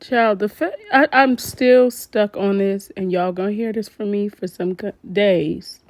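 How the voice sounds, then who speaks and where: A woman giving casual commentary to her viewers, animated and exclaiming as she talks straight to them. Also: medium pitch, measured pace, no echo. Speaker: commentary vlogger.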